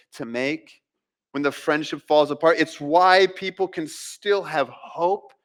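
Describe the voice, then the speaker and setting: A male pastor delivering a Sunday sermon in a mid-range voice. He preaches with passion, climbing in pitch for dramatic moments and sinking to quiet, low tones for emphasis. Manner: impassioned preaching with dramatic pitch swings and pauses. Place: church sanctuary.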